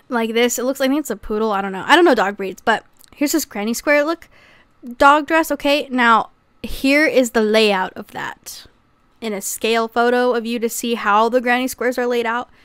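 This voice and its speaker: A woman's voice: on the high side, fairly bright tone, clear, resonant tone, no echo. A young woman vlogging casually to camera about crochet patterns, chatty and prone to fits of laughter. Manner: giggly, bursts into laughter, says okay often.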